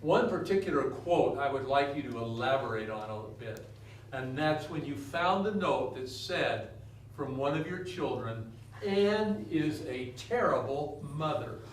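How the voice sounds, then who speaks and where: Man, interviewer, measured tone, far from the mic, roomy sound, faint background hum. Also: medium pitch, lively intonation. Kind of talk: interview question.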